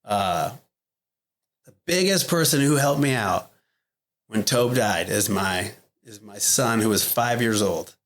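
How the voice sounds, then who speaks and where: A man's voice: on the low side, lively intonation, slow pace, long pauses, a bit bright. Blunt, profane man telling a story. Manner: blunt and profane, frequent "like" and "you know". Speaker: podcast guest. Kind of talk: candid interview talk.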